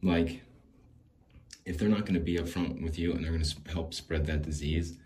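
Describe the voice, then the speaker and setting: This podcast host speaks solo in a very low, slightly mellow voice at a normal speed, his intonation fairly even. His monologue wanders, full of restarts, filler words, casual profanity and laughter between ideas. A bit of background noise is audible.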